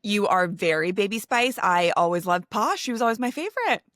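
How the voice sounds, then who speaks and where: A woman's voice: medium pitch, sing-song, brisk, fairly bright tone, no echo, studio quality. A woman co-hosting a podcast in a bubbly, chatty way, full of fillers. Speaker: podcast co-host. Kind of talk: casual chat.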